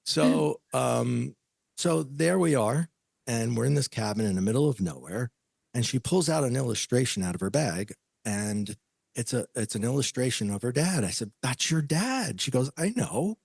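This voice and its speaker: A man's voice: mid-range voice, normal speed, vocal fry, a little mellow, breathy edge, dry recording. A man telling a personal story as a podcast guest, acting out the voices of the people he quotes.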